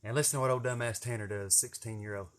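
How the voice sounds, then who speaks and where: A man in his forties with an East Tennessee Southern US accent talks fast in a medium-pitched, fairly even voice. On his vlog he spins a rambling, profane, folksy story in casual storytelling fashion.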